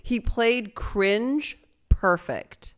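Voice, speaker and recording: A woman's voice: medium pitch, drawn-out words. A woman co-hosting a podcast in casual chat, laughing often and acting out little quotes as she tells stories. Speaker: podcast co-host.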